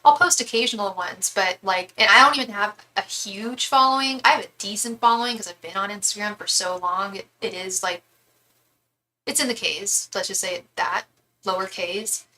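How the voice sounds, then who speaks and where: Bright-voiced young woman reading tarot. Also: medium pitch, normal speed, rough recording. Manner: candid and chatty, swears freely, many restarts. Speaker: tarot reader. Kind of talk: live-stream tarot reading.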